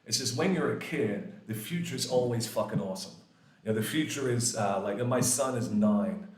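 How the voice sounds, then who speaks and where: A man in his forties teaching English grammar in a casual, lively way, swearing freely and acting out little quoted exchanges. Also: medium pitch, normal speed. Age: 40s. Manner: lively, swears often, acts out quoted voices. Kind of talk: casual classroom explanation. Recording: echoey room.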